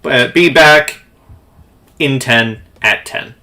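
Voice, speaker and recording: A man narrates a tabletop session as its game master, taking his time over each phrase. His voice sits at an ordinary pitch but sounds bright and clear, and he leaves unhurried pauses as he describes the action. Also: a little hiss or hum.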